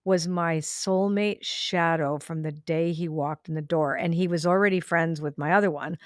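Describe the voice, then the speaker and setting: A woman hosting a podcast, chatting casually and telling a lively story, acting out the voices of the people in it. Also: low voice, normal speed, no room sound, clean studio sound. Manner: animated storyteller, acts out quoted voices. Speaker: podcast host. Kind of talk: casual conversation.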